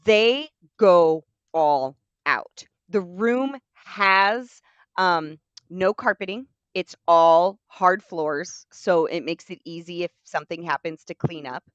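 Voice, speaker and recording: A woman tells a travel story, chatty and rambling, with lots of little fillers and voiced-out quotes. Her voice sits fairly low. The sound is dull and very dry. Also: slow, smooth, no room sound. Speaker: live stream host. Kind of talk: casual storytelling.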